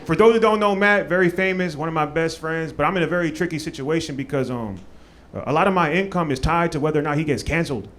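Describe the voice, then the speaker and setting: A man's voice: on the high side, fast talker, crowd noise. A man from Maryland doing a stand-up comedy set on a club stage, loose and profane with lots of fillers. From Maryland, USA.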